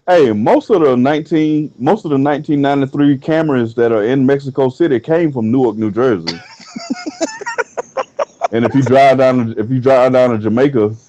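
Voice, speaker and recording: A man's voice: medium pitch, normal speed, background noise. Man, rambling comic stories, slightly dull lo-fi audio. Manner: rambling storytelling, profane. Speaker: podcast co-host. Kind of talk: casual comedic banter.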